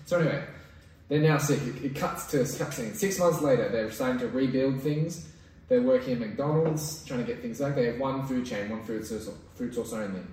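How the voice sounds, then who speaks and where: A man's voice: mid-range voice, moderate pace, a little mellow, distant mic. Male co-host, rambling comic storyteller; roomy, echoing, off-mic sound. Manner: rambling, jokey storytelling with silly voices. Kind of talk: casual comedic chat. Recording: echoey room, away from the mic.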